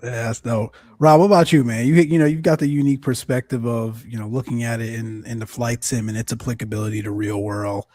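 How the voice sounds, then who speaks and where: Man, podcast host, mid pitch, dry close mic, friendly questions. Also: steady tone, fast talker, hardly any pauses, darkish tone, no room sound. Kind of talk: casual podcast chat.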